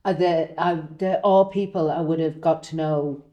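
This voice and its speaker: Middle-aged woman, co-host; low-ish voice, lively anecdotes, laughs easily. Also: moderate pace, muffled recording. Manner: animated storyteller, laughs often. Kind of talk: casual chat.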